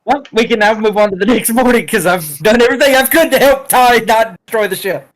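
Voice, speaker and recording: High-voiced man, calm dry player. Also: a little fast. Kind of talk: casual tabletop play.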